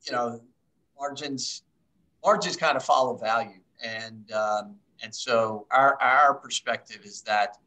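A man's voice: mid-range voice, unhurried, sharp tone, poor audio. A man, a company chief executive, answering panel questions in a hesitant way with many restarts.

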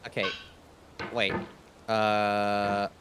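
A man visiting another streamer's stream, talking softly and making dry jokes. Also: on the low side, monotone, extremely slow, noisy background. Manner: soft-spoken, dry and joking. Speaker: guest streamer. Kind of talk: casual gaming stream chat.

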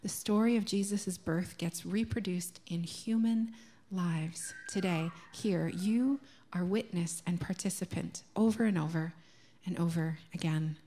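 Slow, soft-spoken Canadian woman preaching. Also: lowish voice. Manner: slow, gentle and reflective, dropping to a soft near-whisper on key words. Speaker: minister. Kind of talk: sermon. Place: church sanctuary.

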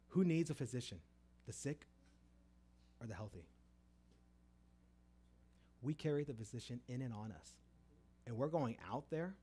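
A middle-aged man preaching a sermon. He tells stories with many restarts, rising loud for emphasis and dropping soft. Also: medium pitch, slightly rough.

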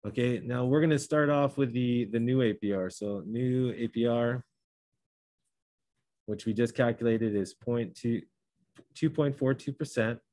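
A man teaches a class, walking through each step aloud and stopping now and then to correct himself. His voice sits at an ordinary pitch. The sound is dry and close, with little room echo. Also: a little slow, warm tone. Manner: talks through steps, self-correcting. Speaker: math teacher. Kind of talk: classroom lesson.

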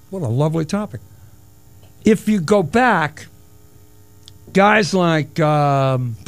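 A man's voice: a little high, no echo. A middle-aged man hosting a solo radio talk show, rambling and wisecracking with self-mocking asides. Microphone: studio broadcast mic.

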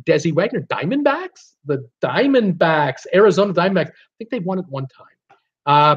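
Man, trivia stream host, casual chatty delivery, raised pitch, muffled low-fi sound. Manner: chatty, reads viewer names and answers, frequent uh fillers. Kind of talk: casual live-stream chat.

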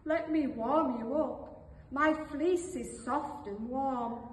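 A woman's voice: very high voice, very animated, unhurried, bright, forceful tone, voice pushed up, heavily acted. A woman voicing a brave, kind little male sheep who speaks earnestly and proudly in a storybook tale. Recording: echoey hall, voice from far off.

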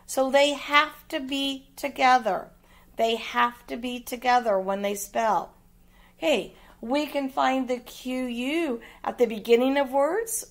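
Midwestern woman, grade-school phonics teacher, unhurried and deliberate, spells words letter by letter. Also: high voice. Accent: American Midwest. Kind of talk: phonics lesson for young children.

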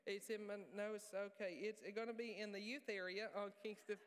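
A male pastor preaching a sermon in a church, joking and animated, poking fun at himself. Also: high voice, brisk, clear, resonant tone. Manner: joking, animated, self-deprecating. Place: church sanctuary. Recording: reverberant church hall.

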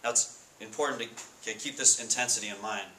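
Bright-voiced man preaching to students. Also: fairly low pitch, steady tone. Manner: casual, asks the room questions, reads scripture slowly. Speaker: Bible study speaker. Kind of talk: casual sermon to students. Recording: echoey room with faint noise.

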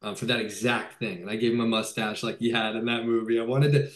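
A man who directs films, speaking over a video call in a room with a noticeable echo. He rambles eagerly and piles up fillers and restarts. His voice sits at a middling pitch. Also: steady tone, fast. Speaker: film director. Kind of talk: casual video-call interview. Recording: roomy echo.

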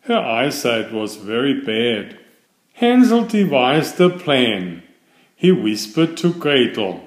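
A man reading a fairytale aloud in slow, expressive, scripted storybook narration. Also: mid-range voice. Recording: echoey room.

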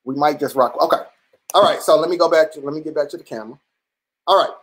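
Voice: medium pitch, fast talker, breathy edge, poor audio. Blunt, profane livestream host. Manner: repetitive restarts, rising into near-shouts. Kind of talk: casual livestream commentary. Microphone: computer or phone mic on a live stream.

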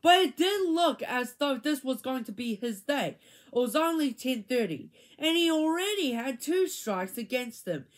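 A woman reading a children's chapter book aloud, with an expressive, animated delivery. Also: sits high, measured pace. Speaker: reader.

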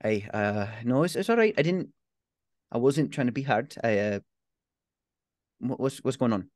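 A man voicing a tough but caring pub landlady from Glasgow in her late thirties, speaking in a gruff manner that softens into tenderness during a tabletop role-playing game. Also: medium pitch, animated, moderate pace, dry recording, studio quality, close to an everyday voice. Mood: tender, reassuring.

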